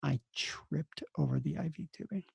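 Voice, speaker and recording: A man telling stories from his nursing career in a casual, rambling way, restarting his sentences again and again. His voice is low-toned, mellow and gravelly with a husky edge, recorded dry and close. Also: normal speed, no echo. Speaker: podcast host and emergency nurse. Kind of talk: casual storytelling.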